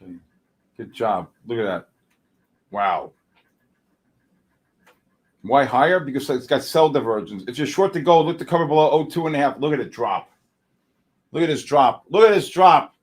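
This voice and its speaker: A man hosting a live trading stream, giving excitable, exclamatory market commentary and calling out viewers by name. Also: mid-range voice, normal speed, long pauses, husky.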